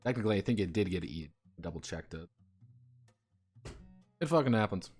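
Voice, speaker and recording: A man's voice: low voice, expressive, brisk, darkish tone, faint music behind. A man chatting casually on a stream, rambling with stumbling restarts and profane banter.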